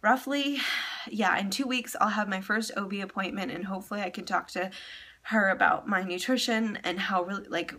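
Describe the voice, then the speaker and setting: A woman's voice: mid-range voice, normal speed, bright, forceful tone. A young woman talking candidly in a casual personal vlog, chatty and full of ums, emotional and close to tears. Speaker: vlogger.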